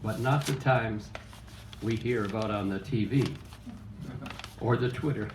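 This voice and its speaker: A man's voice: fairly low pitch, noisy background. A man in his eighties from Pennsylvania, reading a reflective memoir poem at an open mic in a small cafe. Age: 80s. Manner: slow, reflective, measured recitation. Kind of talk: reading memoir poetry aloud. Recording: roomy cafe sound from a distance.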